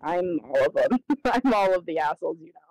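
A woman's voice: on the low side, animated, brisk, a little mellow, no room sound, poor audio. A young woman streamer chatting casually while gaming, laughing and swearing often.

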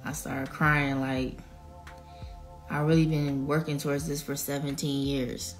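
A young woman, teary after crying, talking emotionally in a casual selfie vlog, her voice swinging from whispers to shouts. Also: very deep voice, flat delivery, a little slow, faint music behind. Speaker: singer.

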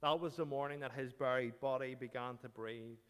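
A man preaching with dramatic, emphatic phrasing, his voice smooth and resonant. The sound carries a long reverb from the church around him. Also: medium pitch, steady tone, moderate pace, fairly bright tone. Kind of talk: sermon.

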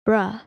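A woman's voice: no room sound, big-room sound, lo-fi sound. A woman reading fan fiction aloud in a casual, slangy way with playful cursing.

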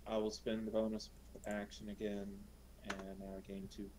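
A man playing a tabletop game in casual chat, blunt and quick to swear. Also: fairly low pitch, monotone, dark tone, slight background noise, poor audio.

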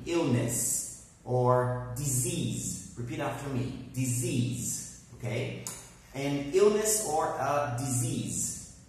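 A man with a Portuguese first language teaches English vocabulary at a slow pace, spelling out each word for his learners to repeat. His voice sits a little high for a man. The room is very echoey and he sounds some way from the mic. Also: slight background noise. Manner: slow, drilling words with "repeat after me". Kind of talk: online English lesson. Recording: very echoey room, heard from a distance.

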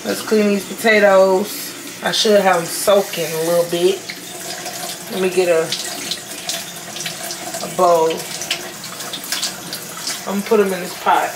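A woman's voice: mid-range voice, steady tone, a little slow, pauses often, background noise. A young woman chatting playfully to viewers while cooking dinner in her home kitchen, sounding sleepy with a slightly worn voice. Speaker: vlogger. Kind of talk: casual cooking vlog.

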